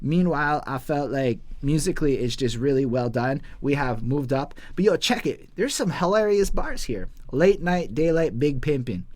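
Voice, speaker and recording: A man's voice: medium pitch, normal speed, few pauses, dry recording. Guy cohosting a music podcast, voice swoops all over, dry close sound, joking around. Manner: animated, jokey, leads the discussion. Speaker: podcast co-host. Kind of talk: casual album review chat.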